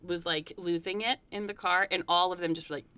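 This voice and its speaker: A woman with a somewhat low voice, chatting casually as a podcast co-host. She talks about herself in a self-deprecating way, a little halting with fillers. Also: steady tone, sharp tone. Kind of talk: casual chat.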